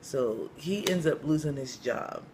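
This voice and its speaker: A man's voice: on the high side, lively intonation, a little slow, noisy background. Rambling man telling a long joke. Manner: rambling, many you-knows and uhs. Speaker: comedian storyteller.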